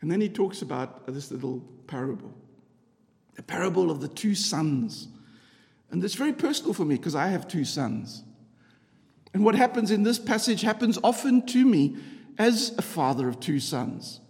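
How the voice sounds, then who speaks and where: A middle-aged man preaching a conversational sermon, telling the story with rhetorical questions and a chatty, animated manner. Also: high voice, normal speed, vocal fry. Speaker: pastor. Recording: long hall reverb.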